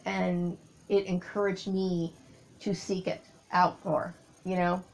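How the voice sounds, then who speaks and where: A woman talking through a personal memory in a rambling monologue, often pausing to search for her words. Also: fairly low pitch, flat delivery, darkish tone, poor audio.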